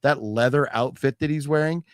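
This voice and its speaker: A man with a medium-pitched, clear, resonant voice co-hosts a casual show about his physical media haul, speaking at a moderate pace. He rambles, restarts sentences, leans on hedging fillers, swears freely and reads product blurbs aloud, all in studio quality with no room sound.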